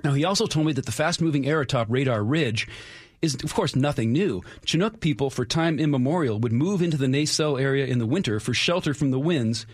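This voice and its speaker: A man, the show's resident historian, telling local history stories in a chatty, brisk way on a radio segment. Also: medium pitch, expressive, no room sound. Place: radio studio.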